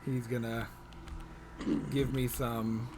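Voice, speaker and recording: A man's voice: mid-range voice, level tone, takes it slowly. Joking man on a noisy video call. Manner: joking, playful banter. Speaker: podcast host. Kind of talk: casual chat over video call.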